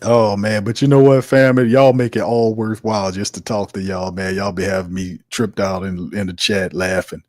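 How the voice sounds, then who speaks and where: A man's voice: fairly low pitch, fairly even intonation, moderate pace, hardly any pauses, darkish tone, no room sound, studio quality. A man hosting a sports talk livestream, ranting with exasperation, laughing often and tossing in "man" and "fam". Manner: laughs often, talks back to the chat. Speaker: sports talk show host.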